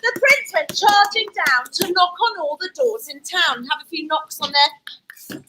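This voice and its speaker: A woman teacher telling a story at a school assembly in a hall, playful and animated as she directs the children. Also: very high-pitched, measured pace, noisy background.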